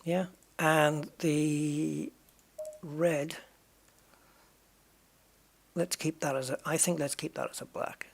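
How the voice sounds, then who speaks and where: A man chats casually on a game stream, thinking aloud and tossing jokes to his viewers. His voice sits a touch high for a man, with a gravelly, husky edge. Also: flat delivery, slow pace, long pauses. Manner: musing aloud, chatty, jokey asides to viewers. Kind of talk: casual live-stream chat.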